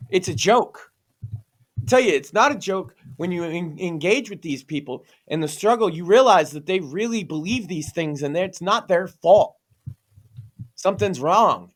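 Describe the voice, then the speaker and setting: A man in a casual podcast discussion, talking earnestly and emphatically and swearing freely. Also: high-pitched.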